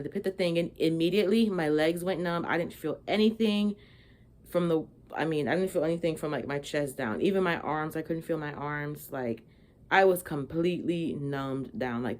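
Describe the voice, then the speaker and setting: A young woman vlogger telling a casual storytime, chatty, full of fillers and "like". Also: sits low.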